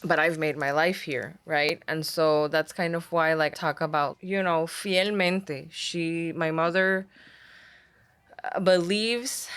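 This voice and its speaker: A woman's voice: lowish voice, clean tone. A young woman from Puerto Rico, a teacher, talking casually in an interview with lots of filler words. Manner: chatty, animated when quoting others, many "like" fillers. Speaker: guest, language arts teacher.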